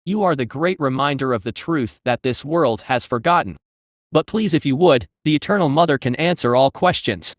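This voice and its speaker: A man's voice: medium pitch, expressive, normal speed, no room sound, studio quality, close to an everyday voice. Man voicing a zealous cackling creature leader. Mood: humble. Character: grotesque fanatical burrowing creature leader, male.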